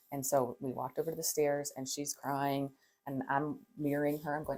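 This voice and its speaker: A woman in her thirties, a counselor, tells parenting stories in an animated way, laughing often and softening into a gentle voice when she quotes herself. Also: extremely low pitch, quick pace. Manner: animated storytelling, acts out soft calm parent voice, laughs often. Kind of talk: podcast conversation.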